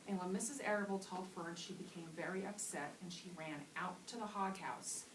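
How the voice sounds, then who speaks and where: A woman teacher explains a reading lesson to young students in a patient, explanatory way, now and then acting out a line to show how it should sound. She is heard from a distance in an echoey classroom. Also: fairly low pitch. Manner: patient, explanatory, models voices for children. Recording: echoey classroom from far off with loud noise.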